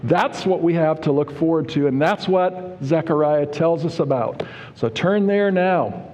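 A man's voice: fairly high pitch, a little slow, darkish tone, a little hiss or hum. A male pastor preaching a sermon in a conversational way, often asking the congregation "Amen?". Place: church sanctuary. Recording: long reverb of a church hall.

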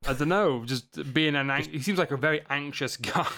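A man's voice: fairly high pitch, a little fast. Rambling man, casual chat. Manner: rambling, animated, swears, trails off. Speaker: podcast co-host.

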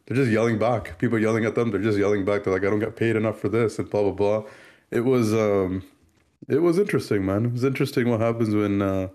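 A man in casual chat, telling an animated story and acting out the exchanges he quotes. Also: on the low side, fast.

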